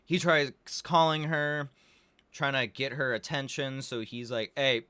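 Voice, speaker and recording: A man's voice: medium pitch, measured pace, pushed and bright, clean tone, no echo. A young man giving a rambling, profanity-laced casual recap of a movie, full of fillers. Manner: rambling, swears a lot, heavy on fillers like "like". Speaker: video creator reviewing a movie.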